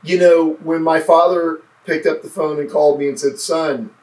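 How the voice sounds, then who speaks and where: A man's voice: a little high, level tone, brisk, a little mellow. A man talking earnestly and reflectively in a casual interview, often restarting his sentences. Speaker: podcast guest, former state senate candidate. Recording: roomy, mic at a distance.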